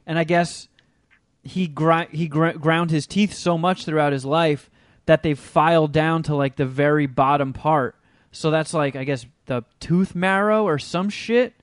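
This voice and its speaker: A man's voice: fairly high pitch, measured pace, dry recording, clean studio sound. Rambling, cursing man telling stories. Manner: rambling storytelling, heavy swearing. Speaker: podcast host. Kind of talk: casual chat.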